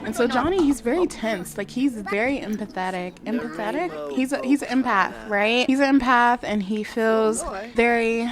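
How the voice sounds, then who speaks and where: A woman commenting casually on a life-simulation game, chatty and excitable, often laughing and doing quick voices. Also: on the high side. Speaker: gaming vlogger. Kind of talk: casual let's-play commentary. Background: background music.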